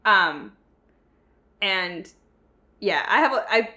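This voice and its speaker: A woman's voice: medium pitch, lively intonation, slow, bright, forceful tone. A woman from the northern United States co-hosting a podcast, talking frankly about a movie with many fillers and restarts. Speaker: podcast co-host. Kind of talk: casual film discussion.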